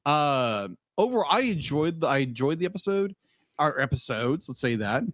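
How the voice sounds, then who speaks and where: A man's voice: a little high, very animated, normal speed, a bit bright, no echo. A man co-hosting a podcast in casual chat, easygoing, often repeating himself. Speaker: podcast co-host.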